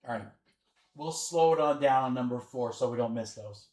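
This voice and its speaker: A man runs a live card break, casually chatting on the stream and naming players and teams as he works through it. His mid-range voice is a little mellow and moves at normal speed. The room has an echo, with faint music in the background.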